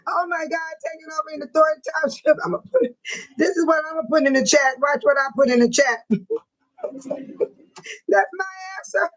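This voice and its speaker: A woman's voice: sits high, brisk, pauses often, low-quality recording. A woman hosting a casual livestream, reading viewers' chat messages aloud and often laughing as she talks straight to them in informal, slangy speech. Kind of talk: casual live-stream chat.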